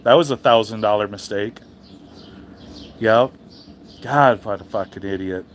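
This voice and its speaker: A man's voice: fairly low pitch, measured pace, a little hiss or hum. Blunt, profane man rambling casually. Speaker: trucker streamer reading chat. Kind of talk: casual livestream chat.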